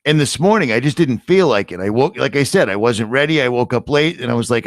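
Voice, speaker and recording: An American man hosts a live online talk and speaks in animated, emphatic bursts. His voice sits at a middle pitch. The sound is dry and close, with no room echo. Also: a little fast, hardly any pauses. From United States. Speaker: host. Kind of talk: casual chat.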